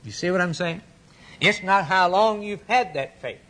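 A man delivers an emphatic sermon in a slightly raised, husky voice. He retells scripture dramatically and drives his points home through repetition. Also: high voice, moderate pace, sharp tone. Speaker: preacher.

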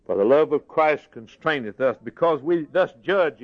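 A man preaching a sermon in earnest, plain folksy words, dropping to a hush and then rising for emphasis. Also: on the high side, expressive, moderate pace. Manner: earnest, swings from soft and hushed to raised emphasis. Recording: dull lo-fi sermon recording.

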